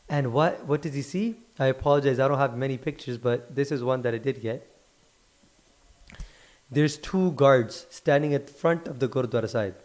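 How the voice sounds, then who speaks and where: Chatty man retelling a story, slightly high voice. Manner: chatty, checks in with listeners with "right?"; animated, leans on repetition for emphasis. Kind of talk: casual retelling of a religious story.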